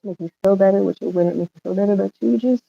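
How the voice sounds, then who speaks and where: A woman's voice: medium pitch, quick pace, creaky. A woman livestreaming an emotional rant, upset and rambling, swearing often. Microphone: phone livestream. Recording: slightly dull lo-fi stream audio.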